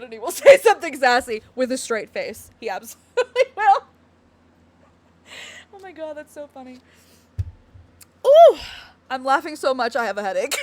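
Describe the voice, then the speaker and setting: A woman's voice: fairly high pitch, slight background noise. A woman streaming from home in casual live-stream chat, giggly and rambling as she talks to her chat.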